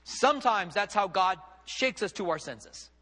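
A man preaches in a high, bright, ringing voice, acting out the lines he quotes with sweeping dramatic rises and drops. His words trail off into the long reverb of a church sanctuary. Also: lively intonation, a little slow. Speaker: pastor. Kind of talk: sermon.

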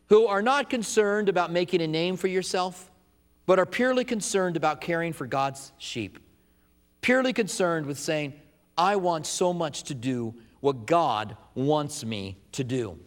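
A man's voice: a little high, long reverb tail. A man preaching a sermon as pastor, with an emphatic, repetitive cadence.

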